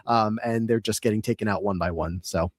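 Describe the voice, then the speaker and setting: A man co-hosting a podcast, recapping episodes in a relaxed, rambling way with many fillers. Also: on the low side, brisk, no room sound, studio quality. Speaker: podcast co-host. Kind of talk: casual podcast recap chat.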